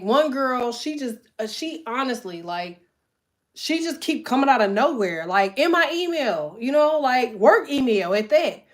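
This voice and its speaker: A woman vlogger talking casually to her followers in a profane, rambling way, with plenty of "like" fillers. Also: a little high.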